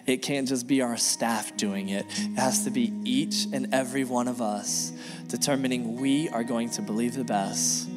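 Male pastor, mid-pitch, earnest preaching, reverberant sanctuary sound. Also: fairly even intonation, normal speed, over loud music. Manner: earnest, repetitive preaching with acted dialogue. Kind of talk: sermon. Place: church sanctuary. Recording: long reverb of a church hall.

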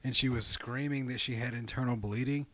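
A man's voice: mid-range voice, brisk, dry recording. A middle-aged man, casually telling a story on a podcast, acting out quotes and swearing freely. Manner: animated storyteller, acts out quotes, laughs often, swears freely.

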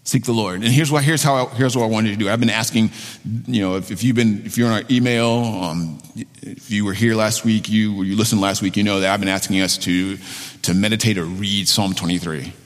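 A man's voice: on the low side, fairly even intonation, fairly quick. Man preaching a sermon, earnest, keeps restarting his sentences, big echoey church sound. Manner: earnest, repeats phrases with many restarts. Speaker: pastor. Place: church sanctuary. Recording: long hall reverb.

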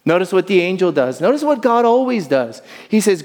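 In a church sanctuary, a high-voiced man preaches with energy as the pastor, and the room's long echo carries each phrase. Now and then he eases off, dropping into quiet, deliberate emphasis.

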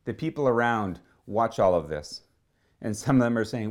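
A man's voice: lowish voice, lively intonation, normal speed. A man preaching a sermon, retelling a story in a conversational way and acting out the quoted voices.

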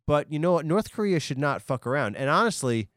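A man's voice: on the high side, very animated, a little fast, a bit bright, dry recording, clean studio sound. A man hosting a comedy podcast, delivering a casual, profane, mock-outraged rant.

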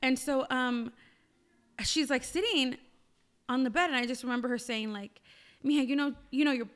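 A woman's voice: high-pitched, normal speed. A woman co-hosting a podcast, telling a story in a casual chat and acting out the quoted dialogue. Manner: animated storyteller who acts out quoted dialogue. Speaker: podcast co-host.

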